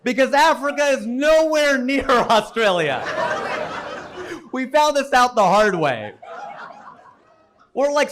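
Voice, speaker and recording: Lively American man doing stand-up. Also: very high voice, slow pace, pauses often, a crowd in the background, background noise. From United States. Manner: animated, rising to exclaim punchlines. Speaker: stand-up comedian. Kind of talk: stand-up comedy routine. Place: comedy stage before a live audience.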